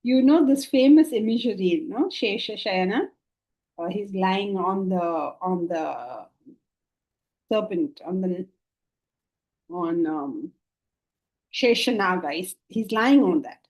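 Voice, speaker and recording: Husky, mellow-voiced woman teaching philosophy. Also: mid-range voice, takes it slowly, pauses often, lo-fi sound. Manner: lively, questioning the class. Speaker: Vedanta teacher. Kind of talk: spiritual lecture.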